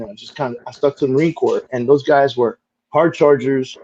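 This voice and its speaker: A man being interviewed as a guest, telling stories casually in a lively way, with easy swearing and lots of "like" fillers. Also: mid-range voice, fast talker, dull audio.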